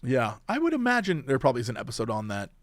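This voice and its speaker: A man, co-hosting a podcast, rambling in an animated, casual way with lots of restarts. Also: mid-range voice, very fast, no room sound, clean studio sound. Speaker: podcast co-host. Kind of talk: casual chat.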